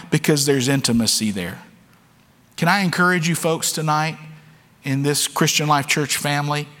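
A male pastor delivers an evening sermon in an earnest, candid way, doubling back on words as he builds his point. His voice sits a bit high for a man. The sound carries a long reverb tail from the church hall. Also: fairly bright tone. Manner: earnest, candid preaching with frequent word repeats.

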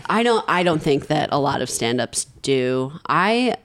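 A woman's voice: deep voice, big pitch swings, a little hiss or hum. Woman hosting a chatty podcast, voice jumps all over, giggles and teases. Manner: laughs often, quick teasing asides. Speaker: podcast host. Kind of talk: casual podcast chat.

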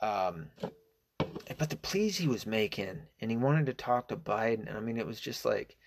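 A man talks through a casual opinion monologue in a low, gravelly voice with plenty of fry. He rambles and restarts, leaning on fillers, and swears often in an indignant tone. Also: expressive, moderate pace. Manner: profane and indignant. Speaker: political commentator.

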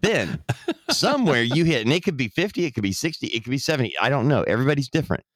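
A man's voice: mid-range voice, big pitch swings, fast talker, background noise. A middle-aged man co-hosting a podcast, riffing emphatically in opinionated casual chat. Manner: emphatic, riffing, acts out little voices. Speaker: podcast co-host.

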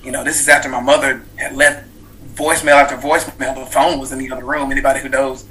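Here a man in his thirties, an author being interviewed, shares a life-changing story in an earnest, reflective way, stumbling through fillers and restarts. His voice is bright and forward at a medium pitch that barely moves, and he talks quickly. The audio is poor, with slight background noise.

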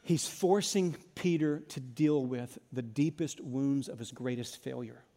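A man preaching a sermon as pastor, dramatic, swinging from loud, urgent passages to hushed ones. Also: medium pitch, unhurried, big-room sound.

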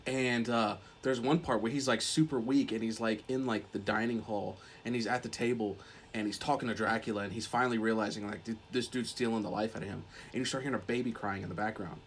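A man's voice: on the low side, fairly even intonation, fast talker, slight background noise. Young man rambling in casual podcast chat. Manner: rambling, swears a lot, heavy use of "like". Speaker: podcast co-host.

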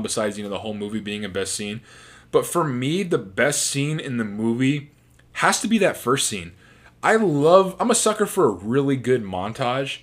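A man in a casual commentary, talking about his favorite film scenes in a rambling, chatty way with restarts. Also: fairly low pitch. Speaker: movie reviewer.

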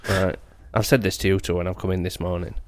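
Low-voiced Northern English man, podcast co-host, blunt sweary banter, dry close mic. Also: fairly even intonation, brisk, dry recording. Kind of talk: casual chat.

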